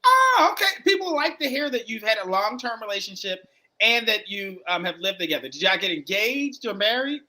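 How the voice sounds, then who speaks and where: Bright high-voiced male dating host. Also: big pitch swings. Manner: chatty, quick reactions, repeats answers back. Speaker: dating coach and show host. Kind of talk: live-streamed dating interview.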